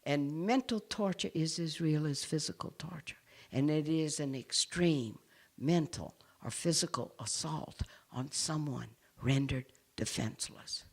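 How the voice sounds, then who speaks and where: An earnest nun addresses a roomful of listeners in a passionate speech, moving from forceful moments to hushed ones. Her voice sits low and sounds husky, and she takes her time.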